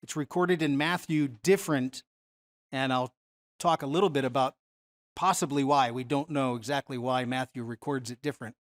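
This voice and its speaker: A Bible teacher leading a Bible study lesson in a relaxed, conversational way, often stopping to put questions to the listeners. The voice sits at an ordinary middle pitch. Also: normal speed. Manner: conversational, asks the audience questions.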